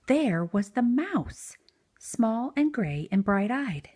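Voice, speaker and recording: A woman reading a picture book aloud to young children, gentle and expressive. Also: a little high, slow pace. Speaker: children's story reader. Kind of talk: read-aloud storytelling for preschoolers.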